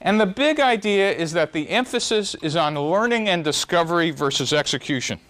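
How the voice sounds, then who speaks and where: A middle-aged man delivers a live lecture in a rather high voice. He is wry and self-deprecating, and his pitch jumps up and down as he makes his points. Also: lively intonation, moderate pace, fairly bright tone. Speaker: speaker giving a startup talk.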